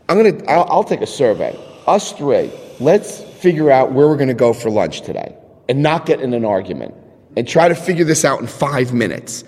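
Animated man telling his story in a reverberant hall. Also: medium pitch, normal speed. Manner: animated, retells dialogue with emphasis. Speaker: speaker at a recovery meeting. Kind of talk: sharing story and reading aloud at a meeting.

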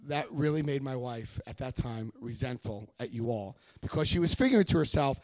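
A man speaking at a recovery meeting, telling his own story to an audience in a lively, self-mocking way with jokes. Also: mid-range voice, brisk, few pauses, no echo. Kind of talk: humorous personal storytelling to an audience.

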